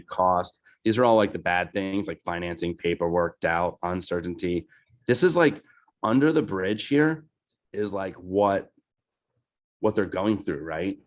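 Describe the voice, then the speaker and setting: A man leading a casual team training on sales calls, loose and chatty, often asking "right?" and with a New Jersey accent. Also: deep voice. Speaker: real estate team leader.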